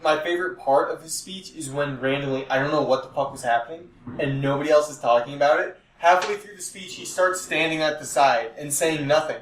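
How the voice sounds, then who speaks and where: A man co-hosting a podcast, telling stories in animated casual chat and swearing freely. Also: a little high, brisk, hardly any pauses, distant mic. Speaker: podcast co-host. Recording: echoey room, off the mic.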